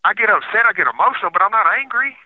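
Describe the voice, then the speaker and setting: A man's voice: high-pitched, sing-song, racing, dry recording. A man, recounting his trial over the phone, heated and repetitive. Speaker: interviewee, former defendant. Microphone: phone line. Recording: tinny phone line.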